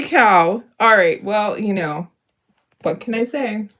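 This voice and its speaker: A woman's voice: mid-range voice, big pitch swings, slow pace, vocal fry, a bit bright. A woman hosting a live crafting demo, talking herself through each step, upbeat and self-deprecating, laughing often. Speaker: craft livestream host.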